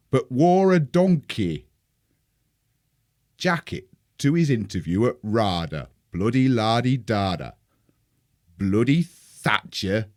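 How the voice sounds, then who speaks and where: Posh actor, put-on northern English accent, mock-solemn recital, slow, lively pitch. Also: male voice. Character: posh male actor reading a poem in a fake northern accent.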